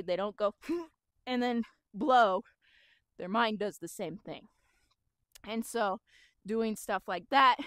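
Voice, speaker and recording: A woman horse trainer explaining calmly while working with a horse outdoors and talking to it as she goes. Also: medium pitch, no echo. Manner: calm, explanatory, talks to the horse as she works.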